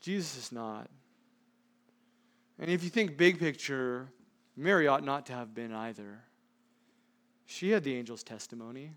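A man preaching a sermon, emphatic, with frequent rhetorical questions, swinging between loud stresses and hushed asides. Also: medium pitch, moderate pace. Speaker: pastor.

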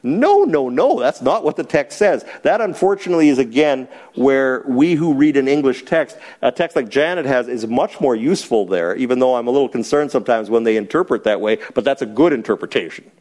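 A man's voice: medium pitch, expressive, brisk, hardly any pauses, a little mellow. A man teaching a Bible class, explaining a passage with emphasis and putting questions to the class.

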